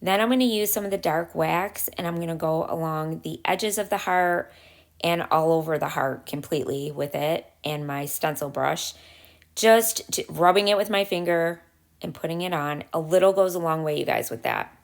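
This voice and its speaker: Her voice sits low and carries vocal fry as she walks through a craft tutorial step by step on her channel. She keeps it casual and chatty, pausing briefly here and there.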